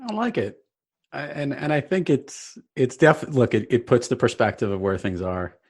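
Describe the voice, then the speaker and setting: A man's voice: mid-range voice, normal speed, vocal fry, darkish tone, breathy edge. A man hosting a podcast, interviewing his guest in an easy, encouraging way. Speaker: podcast host. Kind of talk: conversational interview.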